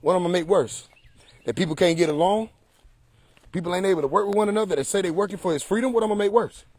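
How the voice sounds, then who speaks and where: A man's voice: high-pitched, rapid-fire, darkish tone, no echo. A man hosting a casual livestream monologue, emphatic and preachy, firing off rhetorical questions and laughing often, recorded on a phone. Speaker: livestream host.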